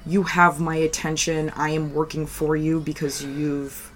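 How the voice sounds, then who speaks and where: A woman co-hosting a casual podcast chat, talking in a nonchalant, flat way and rambling with lots of "like"s. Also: deep voice, measured pace, slight background noise. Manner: filler-heavy, rambling with many "like"s. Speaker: podcast co-host.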